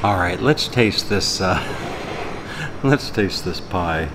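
A man's voice: low voice, expressive, takes it slowly, background noise. A man filming a casual travel vlog in a roadside café, chatty and enthusiastic, rambling with restarts. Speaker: travel vlogger.

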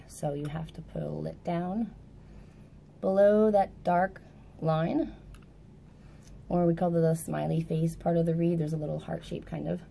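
A young woman teacher walks through clarinet basics in a casual, self-correcting way. Her voice sits low, with a dark, mellow tone. A faint background hiss fills the room. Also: vocal fry. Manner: chatty, self-correcting, laughs at herself. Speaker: music teacher. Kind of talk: casual instrument tutorial. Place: indoors at a table.

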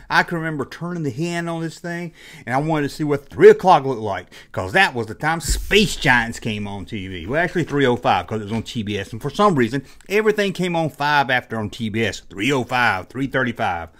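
A middle-aged man hosting a casual nostalgic vlog, jokey and animated, often acting out his own childhood reactions. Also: fairly high pitch. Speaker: host.

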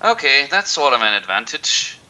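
Bright-voiced man making dry remarks. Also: mid-range voice, big pitch swings, normal speed, slight background noise, rough recording. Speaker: co-op player. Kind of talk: casual chat during a let's play.

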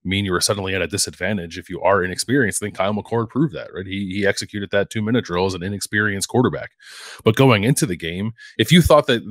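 Lowish voice, football podcast guy, kinda hesitant lots of ums, dry sound. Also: fairly bright tone, dry recording. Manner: measured, hesitant with frequent ums. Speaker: podcast co-host. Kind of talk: casual sports talk podcast.

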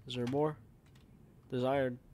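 A man talks through a survival video game while he plays, rambling and thinking out loud with plenty of fillers. His pitch is ordinary for a man, and he speaks at a slow, easy pace. Faint noise runs behind him. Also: flat delivery. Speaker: gamer. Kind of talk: let's play game commentary.

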